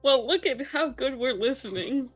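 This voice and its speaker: A woman joining a tabletop role-play, playful and a bit hesitant as she speaks. Her voice sits fairly high. Faint music plays behind her. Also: expressive, moderate pace, a bit bright. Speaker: player.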